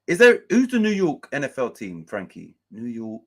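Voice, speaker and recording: A man's voice: medium pitch, wildly swooping pitch, normal speed, a bit bright. A man hosting a casual live match-day stream, chatting loosely, swearing freely and reading out chat messages and scores.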